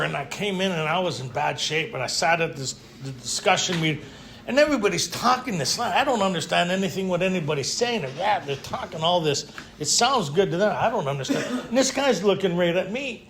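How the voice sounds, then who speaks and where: Male retreat speaker, high voice, blunt storyteller with tough-guy humor. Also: gravelly, a little hiss or hum. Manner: lively storytelling, frequent rhetorical "right?". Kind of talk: recovery talk to a live group. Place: retreat meeting room.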